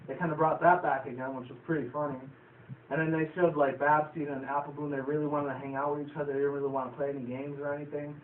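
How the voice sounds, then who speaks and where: A man's voice: a little high, flat delivery, quick pace, slight background noise. A man casually recapping a cartoon episode in a loose, rambling, profane way, often chuckling. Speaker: vlogger reviewing a cartoon episode. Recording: tinny lo-fi, echoey, distant from the mic.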